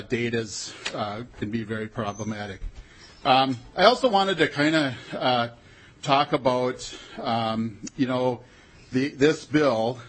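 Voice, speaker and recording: A man's voice: mid-range voice, a bit bright, rough recording. A man testifying for an advocacy group at a committee hearing, plain and hesitant. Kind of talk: public testimony.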